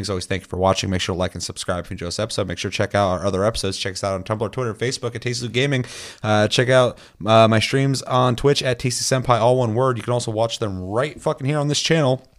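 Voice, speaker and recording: Profane ranting male podcast host. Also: lowish voice. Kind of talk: casual gaming podcast chat.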